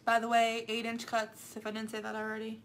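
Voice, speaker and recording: A woman's voice: on the high side, monotone, fast, a little hiss or hum. Chatty woman crafting. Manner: rambling, restarts and repeats herself. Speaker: craft vlogger. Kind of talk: casual chat while crafting.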